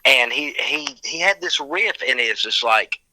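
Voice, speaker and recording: A man with a thick Southern accent, a rock singer chatting easily as a guest in a radio interview, telling stories in a relaxed way. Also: medium pitch, a little slow, no echo, rough recording. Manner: easygoing, chatty storyteller.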